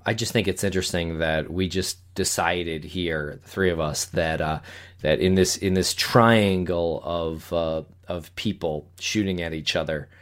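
A man co-hosting a casual true-crime discussion, speaking in a measured way with some hesitant fillers. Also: low voice, steady tone. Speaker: podcast co-host.

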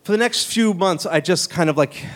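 A man with a slightly raised pitch tells a live story in a loose, conversational way. He keeps stopping to throw in "like" and quick asides, so the telling stays casual and chatty.

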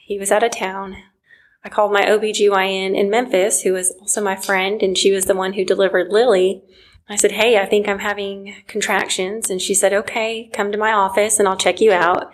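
A woman's voice: mid-range voice, little pitch movement, brisk, rough recording. A woman, earnestly telling a personal story of loss, her voice sometimes dropping near a whisper. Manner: earnest, emotional, quiet moments near a whisper. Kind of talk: personal testimony.

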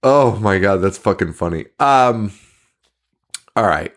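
A man's voice: fairly low pitch, expressive, slow pace. Laughing, profane young man. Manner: profane, laughing, acts out movie lines. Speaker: podcast co-host. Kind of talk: casual horror movie chat.

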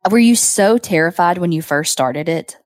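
Blunt, jokey woman with a lowish voice. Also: animated, moderate pace, no room sound, clean studio sound. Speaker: podcast co-host. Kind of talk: casual podcast chat.

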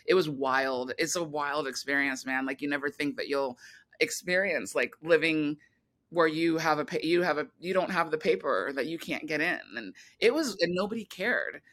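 Interview guest, bright tense tone, rambling, filler-heavy, restarts often. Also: mid-range voice, normal speed. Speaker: guest filmmaker. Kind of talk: casual interview talk.

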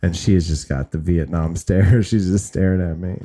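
A man's voice: low-pitched, normal speed, warm tone, husky. A man, a stand-up comedian, telling rambling stories with frequent swearing and restarts in a casual chat.

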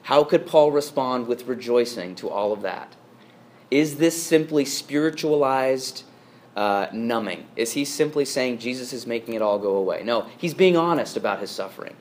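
A man's voice: medium pitch, lively intonation, normal speed, slight background noise. A priest delivering a sermon to his congregation, earnest and emphatic, with frequent fillers and restarts.

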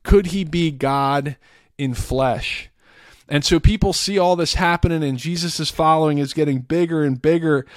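Retelling scripture on his podcast, this host sounds earnest yet casual, stumbling back over words and restarting often. He speaks at a moderate pace in a slightly high voice, and the studio-quality audio has no echo.

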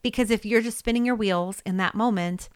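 In a dry, studio-quality recording, a woman speaks in a smooth, medium-pitched voice, a little fast. She talks through how to handle upset coworkers in a relaxed, conversational way, frequently adding "okay?" or "right?" with light laughter.

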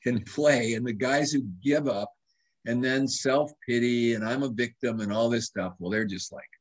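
A man in his seventies, a doctor being interviewed, telling animated stories in casual conversation. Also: medium pitch, moderate pace. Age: 70s. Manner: animated storyteller, restarts and quotes himself. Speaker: guest doctor.

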